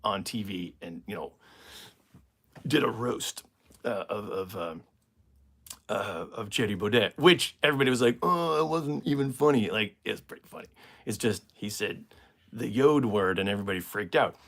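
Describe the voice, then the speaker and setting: A man's voice: lowish voice, moderate pace, long pauses, a bit bright. An American man, a comedian, answering viewer questions in a casual, rambling live stream and laughing at his own jokes. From United States.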